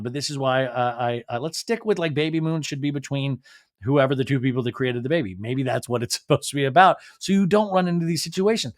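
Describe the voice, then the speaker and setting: A man hosting a podcast, recapping a show in a jokey, animated way and acting out quotes. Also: medium pitch, no room sound, studio quality. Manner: animated, jokey, acts out quotes in different voices. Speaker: podcast host. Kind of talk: casual recap commentary.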